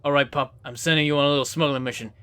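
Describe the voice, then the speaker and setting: A man voicing a blunt, menacing male gang recruiter with a put-on New Jersey accent and gruff, clipped threats. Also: on the high side, fairly even intonation, racing, fairly bright tone, close to an everyday voice.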